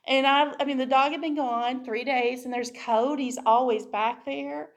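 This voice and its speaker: A woman's voice: high-pitched, fairly even intonation, moderate pace, few pauses, slight background noise. A woman giving a heartfelt personal testimony to her congregation, telling the story and acting out what people said. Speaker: church member sharing a testimony.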